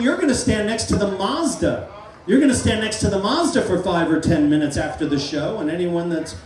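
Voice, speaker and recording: A middle-aged man working as a stage hypnotist at a live comedy show, playfully giving loud, repeated suggestions to volunteers. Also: high voice, slight background noise. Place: large fair tent. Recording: echoey tent, mic heard from far.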